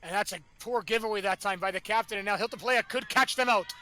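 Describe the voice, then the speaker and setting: Excitable high-voiced male sports commentator. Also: normal speed, slight background noise. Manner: excitable, rising to shouts at big chances; uses colorful catchphrases. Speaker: play-by-play commentator.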